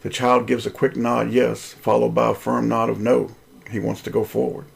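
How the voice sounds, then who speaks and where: Gravelly, husky man reading a story. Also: mid-range voice, monotone, moderate pace. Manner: earnest, preacherly. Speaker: Christian video host. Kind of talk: reading his own story aloud.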